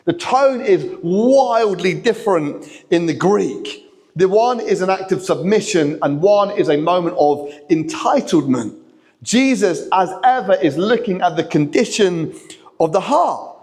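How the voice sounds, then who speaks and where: A man, preaching a lively, chatty sermon that draws in the kids in a church hall. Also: sits high, a little slow. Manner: lively, chatty, talks to the kids, acts out lines. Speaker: pastor.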